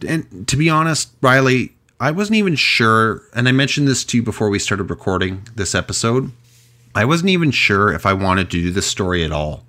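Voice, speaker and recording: Lively low-voiced male podcast host. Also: normal speed. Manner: animated, chatty, frequent restarts. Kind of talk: casual storytelling chat.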